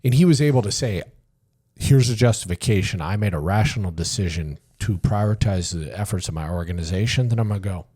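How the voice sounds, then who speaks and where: A man's voice: lowish voice, lively intonation, brisk, warm tone, breathy edge. A middle-aged man and retired army sergeant major, talking loosely as a podcast guest, full of fillers and swearing, acting out the dialogue in his stories. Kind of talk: casual interview storytelling.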